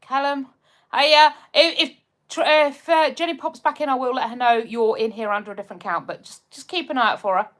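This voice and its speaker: Her high, fairly bright voice moves a little fast as she hosts a relaxed livestream. Speaking with an English accent, she laughs often, reads out comments, and addresses viewers as her darling.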